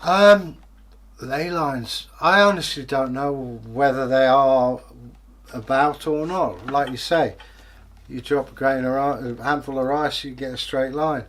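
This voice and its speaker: A man's voice: medium pitch, unhurried, fairly bright tone. A man co-hosting a casual comment-reading chat, musing aloud and hesitating with many fillers. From England. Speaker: co-host.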